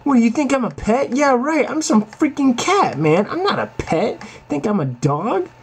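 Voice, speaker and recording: A cranky, snarling house cat, put on by a man, that spits crude threats in a husky voice pitched well above his usual. The delivery is lively and swings up and down all over the place. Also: moderate pace, full character voice. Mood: defiant. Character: hostile feral house cat, male, snarling.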